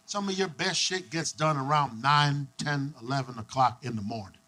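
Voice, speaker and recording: A young man performing a stand-up comedy set, loud and profane, working the crowd with lively back-and-forth. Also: medium pitch, normal speed. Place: comedy club stage with live audience. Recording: noisy live club recording.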